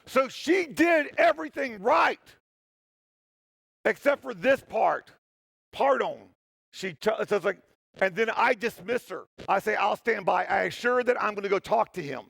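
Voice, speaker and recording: A man with a high, gravelly voice tells a story on stage in a conference talk. He jokes often and pokes fun at himself. His voice sounds dry and close. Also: normal speed, dry recording. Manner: animated, joking, self-deprecating. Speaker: security tester giving a talk. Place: stage in a hall.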